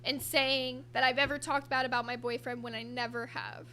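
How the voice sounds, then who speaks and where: A woman's voice: high voice, flat delivery, normal speed, bright, forceful tone. A young woman streamer in casual chat, rambling and swearing as she defends herself.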